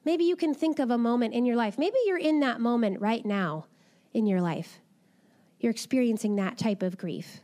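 A woman giving a gentle, reflective devotional talk and reading a children's Bible story aloud. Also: on the high side, normal speed. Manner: gentle, reflective, soft-spoken.

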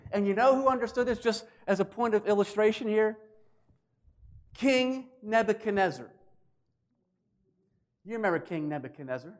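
A man preaching a sermon, walking through scripture verse by verse and sometimes acting out voices for emphasis. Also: high-pitched. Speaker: pastor.

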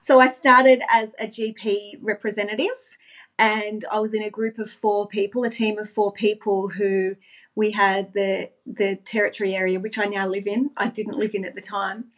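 A woman's voice: medium pitch, flat delivery, moderate pace. A middle-aged woman, a former nurse, talking as a podcast guest in an earnest, reflective way. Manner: earnest, reflective, with frequent restarts. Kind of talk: reflective interview talk.

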